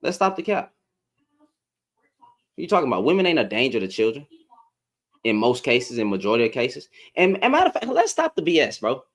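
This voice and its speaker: Male streamer, confrontational, lively swings in pitch, mid-range voice. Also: quick pace. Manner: animated, confrontational, slangy. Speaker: live-stream host. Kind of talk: heated casual rant.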